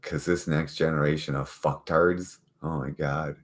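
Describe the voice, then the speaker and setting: A man with a low, deep voice rants loosely to his camera. He rambles, swears freely and mocks the people he talks about. The talk is loose and unscripted. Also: steady tone, a little slow. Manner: rambling, profane and mocking. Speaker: vlogger. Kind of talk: casual profane rant.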